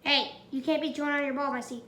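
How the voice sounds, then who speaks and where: Filming her pet dogs indoors, a woman chats with them casually and teasingly. She speaks quickly in a steady, high-pitched voice, and the home recording carries noticeable noise.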